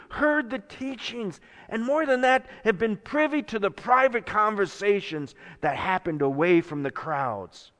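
A man preaching a sermon as pastor, slow and dramatic, moving from hushed words to loud ones. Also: fairly high pitch, long reverb tail.

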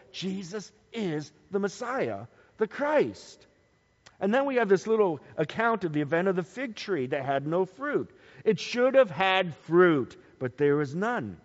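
Male preacher, expressive delivery that jumps between loud stresses and soft asides, lively pitch, muffled recording in a big reverberant hall. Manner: animated, swings from loud emphasis to quiet low asides. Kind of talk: bible teaching sermon. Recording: dull sound with long hall reverb.

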